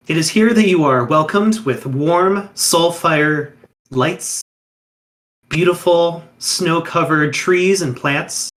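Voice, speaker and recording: A man running a tabletop horror role-playing session as game master, describing the scene in measured, descriptive narration. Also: a little high, a bit bright.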